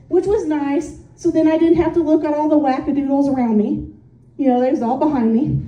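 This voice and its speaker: A woman's voice: high-pitched, dark tone. A woman from Indiana doing stand-up, telling stories in a chatty, self-deprecating way with lots of "um"s. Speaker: stand-up comic. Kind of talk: stand-up comedy set. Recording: echoey room, voice from a distance.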